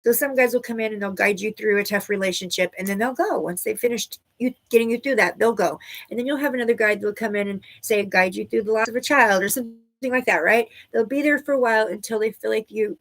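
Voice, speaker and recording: A woman's voice: medium pitch, fast, fairly bright tone. Rambling woman giving intuitive tarot readings. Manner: loose and rambling, searching for words, many "right?" asides. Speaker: tarot teacher and intuitive reader. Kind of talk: live online class, intuitive readings for viewers.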